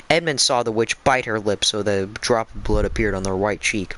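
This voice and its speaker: A man's voice: fairly low pitch, fairly even intonation, normal speed, a bit bright. Drowsy man reading aloud, stumbling. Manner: stumbles and restarts often. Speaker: streamer reading a book aloud. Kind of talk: casual live-stream storytelling.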